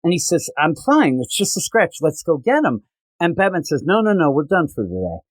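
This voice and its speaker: A man's voice: fairly high pitch, big pitch swings, normal speed, no room sound. A man co-hosting a podcast, casually retelling comic book scenes and acting out the characters' lines. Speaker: podcast co-host.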